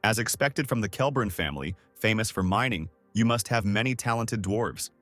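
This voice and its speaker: A fawning, ingratiating viscount who heaps praise on his knightly guest, as a man reads him, with a pitch that rises and falls freely. The voice sounds dry and close, with faint music underneath. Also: normal speed, no echo. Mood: flattering. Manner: flattering, ingratiating. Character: fawning middle-aged male viscount host.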